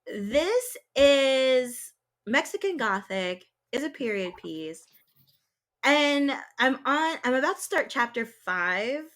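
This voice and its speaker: Bright, slightly high woman from Georgia, co-hosting a casual chat podcast. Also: slow pace. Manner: animated, dramatic re-enactments. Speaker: podcast co-host.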